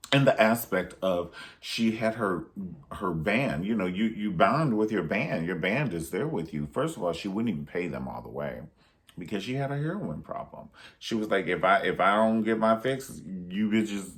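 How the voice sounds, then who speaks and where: A man recapping a film in a sassy, profane, theatrical way. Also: low-pitched. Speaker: film reviewer. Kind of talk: casual movie recap.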